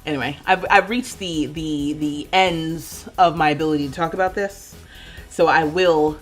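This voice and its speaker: A woman in her thirties chatting casually on a livestream while she plays, laughing often and thinking out loud. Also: deep voice, fairly even intonation, moderate pace, faint music behind. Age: 30s. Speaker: streamer.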